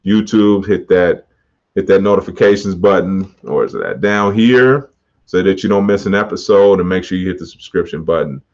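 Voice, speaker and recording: A man's voice: sits low, animated, moderate pace, a little mellow. A man hosting his own podcast, talking casually and motivationally in slang, often laughing. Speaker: podcast host. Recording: dull muffled podcast audio.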